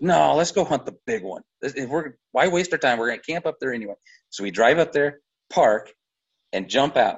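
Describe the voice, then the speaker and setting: Husky-voiced American man telling a hunt story. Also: lowish voice, highs cut off. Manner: animated, rambling hunting story with restarts. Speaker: podcast guest, bowhunter. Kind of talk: casual storytelling.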